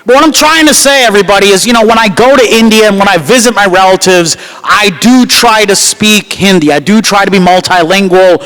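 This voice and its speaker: A man from the United States performing a loud, self-mocking stand-up comedy set at a gala banquet. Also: high-pitched, brisk, few pauses, low-quality recording. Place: gala banquet hall with live crowd.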